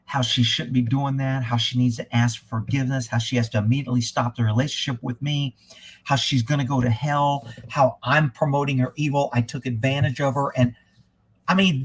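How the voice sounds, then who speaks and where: A man's voice: medium pitch, a little fast, a little hiss or hum. A man hosting a live stream, telling a story and ranting in heated, profane casual talk that rambles and breaks off mid-thought. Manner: rambling, with self-interruptions. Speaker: livestream host.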